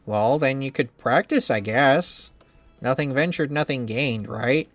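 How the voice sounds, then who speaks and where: A man's voice: medium pitch, unhurried, dry recording, faint music behind. A man reading a visual novel game aloud as the male lead, wry, teasing and blunt in manner. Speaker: game narrator and reader.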